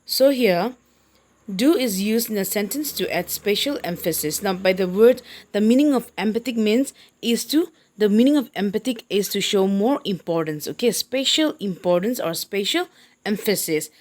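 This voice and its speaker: A woman teaching English grammar in a steady classroom voice. Her pitch sits in the middle of the range. She explains with patience, repeats each point and keeps checking that her students follow. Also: normal speed.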